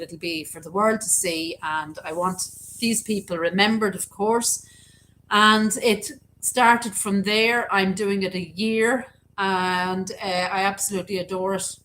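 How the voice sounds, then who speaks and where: An Irish woman co-hosting a casual live chat, talking with eager, rambling enthusiasm. Her voice sits a little low for a woman. A faint hiss of noise runs underneath. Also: steady tone, a little slow, fairly bright tone, rough recording. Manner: chatty, enthusiastic storytelling. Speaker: co-host of a cemetery channel live chat.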